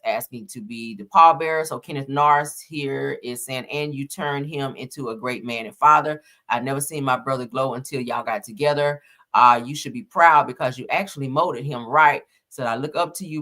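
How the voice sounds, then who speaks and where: A woman commentating on celebrity gossip, reading out text messages haltingly with many fillers and casual slang asides. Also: extremely low pitch, sharp tone.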